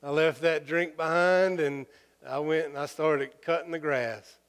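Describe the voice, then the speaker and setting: A man preaching a sermon through personal stories, folksy and humorous, halting with fillers. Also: on the high side, steady tone, clean tone. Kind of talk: sermon storytelling. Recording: long hall reverb.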